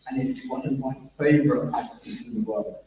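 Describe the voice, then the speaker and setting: A man's voice: medium pitch, steady tone, a little fast, warm tone. A man, giving a chatty, jokey conference talk and talking with the crowd. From London, England. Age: 50s. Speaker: guest speaker at an industry event. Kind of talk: conference talk to a live audience. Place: large echoey event room. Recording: echoey, muffled, distant with faint noise.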